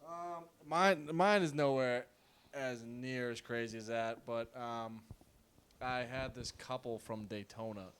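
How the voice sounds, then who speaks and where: A man's voice: mid-range voice, slow pace, fairly bright tone, clean tone. A young man casually telling a caddie story, laughing often and swearing freely as he acts out both sides. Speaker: golf caddie and podcast host.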